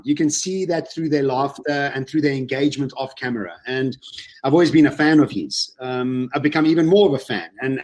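A man, telling personal stories in an animated, emotional way as a guest on a casual webinar interview. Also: medium pitch. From South Africa.

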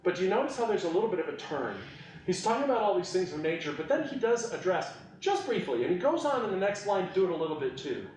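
A man hosting a podcast and giving an informal Bible teaching, animated and quick to laugh, with eager side remarks. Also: high voice, a little hiss or hum. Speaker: podcast host teaching on scripture. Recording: echoey room, mic at a distance.

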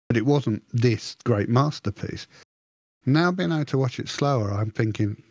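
A man co-hosting a podcast, chatting in a rambling, animated way with frequent restarts. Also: medium pitch, fairly quick, vocal fry, slightly rough, no echo, clean studio sound. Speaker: podcast co-host. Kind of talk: casual chat.

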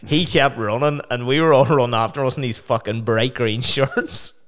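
A man's voice: mid-range voice, normal speed. A man with a Northern Irish accent hosting a casual chat, telling sweary anecdotes with laughter.

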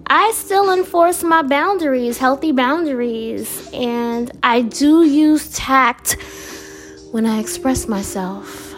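A woman's voice: a little high, soft background music. A woman casually chatting as she reads affirmation cards, laid-back, laughing often and throwing in slangy asides. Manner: reads cards slowly and deliberately. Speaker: vlogger reading affirmation cards. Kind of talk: casual chat.

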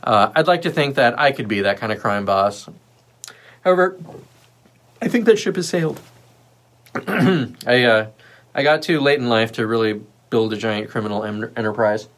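A man's voice: lowish voice, moderate pace. Rambling, chatty man on a livestream. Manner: loose, rambling, many fillers and asides; puts on lively voices when quoting others. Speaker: livestream host. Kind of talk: casual rambling livestream chat.

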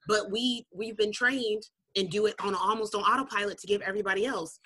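A woman, co-hosting a casual podcast chat, blunt and animated. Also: mid-range voice, fairly quick, slightly rough. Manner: blunt, animated, quotes people in voices.

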